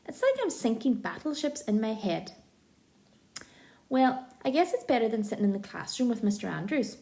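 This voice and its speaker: A woman narrating an audiobook in the first person, with lively, expressive storytelling. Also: on the high side, moderate pace, gravelly.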